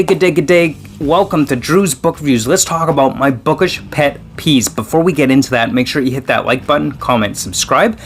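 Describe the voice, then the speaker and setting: A man in a casual solo vlog, chatting at an everyday middle pitch. He rambles, circles back on himself, and now and then breaks into animated exclamations. Faint music plays softly underneath. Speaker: book vlogger host.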